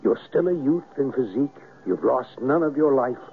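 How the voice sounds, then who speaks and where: An actor playing a mysterious, commanding foreign hypnotist in a 1970s radio drama, with a purring, theatrical delivery. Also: male voice, mid-range voice, expressive, normal speed, slight background noise, natural voice. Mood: sly. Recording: tinny lo-fi radio broadcast.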